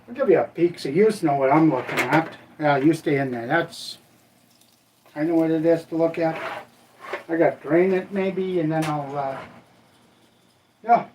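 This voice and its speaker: A man's voice: on the high side, normal speed, long pauses, background noise. An older man from Minnesota hosting a live stream, chatting casually in a rambling, folksy way while he cooks. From Minnesota, USA. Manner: rambling, folksy, trailing off with "I don't know"; cooking while he talks. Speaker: livestream host.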